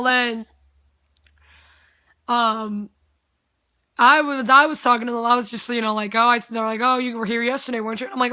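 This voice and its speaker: A woman's voice: a little high, bright, forceful tone, no echo, studio quality. A young woman telling a story in a casual vlog, chatty, with plenty of "like" and free swearing. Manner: chatty, swears freely, lots of "like". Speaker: vlogger.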